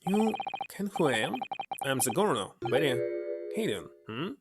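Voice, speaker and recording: Gruff, suspicious middle-aged warden read out by a streamer, lively pitch, loud game music underneath. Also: normal speed. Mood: curt. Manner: curt and suspicious, reading the part aloud. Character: gruff, dismissive middle-aged male prison governor.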